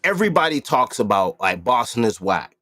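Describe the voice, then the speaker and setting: A male host talks in a casual podcast chat, hammering his points with repetition and swearing. His pitch swings in a lively, animated way around a middle voice. The sound is dry, with no echo. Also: a little fast. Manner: emphatic, with repetition, profane.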